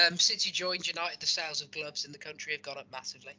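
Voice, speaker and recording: A man's voice: on the high side, quick pace, pushed and bright. A man hosting a casual football chat, reading out rankings and joking as he rambles. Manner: jokey, rambling, reads out rankings. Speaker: podcast host. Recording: lo-fi recording.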